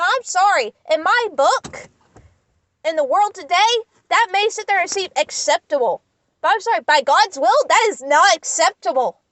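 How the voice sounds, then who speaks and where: A woman's voice: very high-pitched, a bit bright, dry recording, low-quality recording. A young woman in an impassioned, indignant rant, talking straight to the camera with emphatic repetition. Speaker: vlogger. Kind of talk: impassioned ranting monologue.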